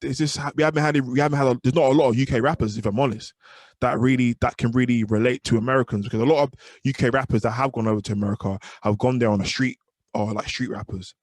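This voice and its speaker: A man's voice: medium pitch, fairly even intonation, fast talker, dry recording, clean studio sound. A young man from the United Kingdom, a rapper chatting casually in an interview and filling his talk with "you know what I mean". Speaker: rapper guest.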